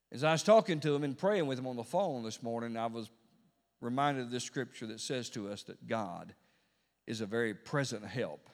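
A male preacher delivering a Pentecostal sermon in a medium-pitched voice. He drops to hushed, drawn-out words and then climbs to loud, emphatic peaks, hammering phrases through repetition. His voice rings out with the long reverb of a large hall. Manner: preaching with wide swings between hushed and loud. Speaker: pastor.

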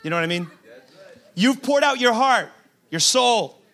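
A pastor preaches a sermon through lively, funny storytelling, acting out quotes and repeating words as he builds his point. His voice is very high and a little slow.

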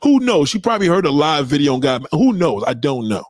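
Guy going off on a livestream, high voice, swings all over, cussing and scolding. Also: very animated, brisk, no echo, studio quality. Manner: heated, profane, lecturing. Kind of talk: profane livestream rant.

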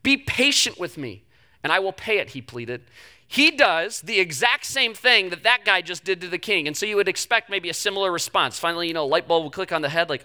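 A young man preaching a sermon, telling the story with animated delivery and acting out the quoted voices. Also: high voice, a little fast. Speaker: pastor.

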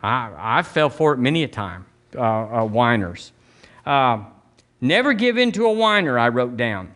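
A man's voice: medium pitch, big pitch swings, unhurried, a bit bright. A man preaching a blunt, emphatic sermon as pastor, drawing the congregation into call-and-response.

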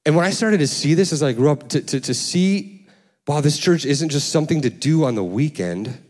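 A man preaching a sermon as pastor, in a loose, conversational way, often restarting words and jumping up in pitch while telling stories. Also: normal speed, big-room sound. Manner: lively storytelling with sudden pitch jumps. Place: church sanctuary.

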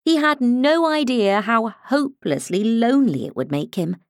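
A woman reading a crime novel as an audiobook, in an expressive storytelling manner. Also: a little high, moderate pace, no room sound, clean studio sound. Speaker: audiobook narrator. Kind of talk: scripted narration.

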